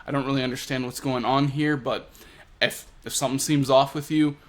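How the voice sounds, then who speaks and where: A man voicing a gruff young male swordsman who talks bluntly and with exasperation. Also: medium pitch, flat delivery, fairly quick, natural voice.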